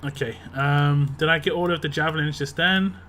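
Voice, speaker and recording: Bright-voiced young man, chatty streamer. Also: fairly high pitch, fairly even intonation, normal speed, a little hiss or hum. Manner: rambling, chatty, laughs often, reads chat aloud. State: voice a bit rough after a drink. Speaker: game streamer. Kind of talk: casual live-stream chat.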